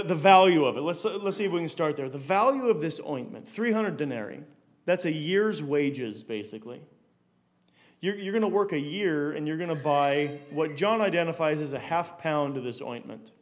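Slightly high-voiced man teaching scripture. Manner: conversational, stumbles and repeats words, asks rhetorical questions. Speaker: Bible teacher. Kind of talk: conversational Bible teaching.

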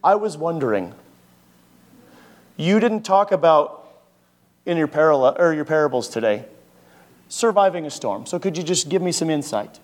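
A man's voice: a little high, lively intonation, normal speed, pauses often, natural voice. A man voicing a disciple who asks a sarcastic, overly polite question. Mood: mock-polite. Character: male disciple asking a mock-polite question.

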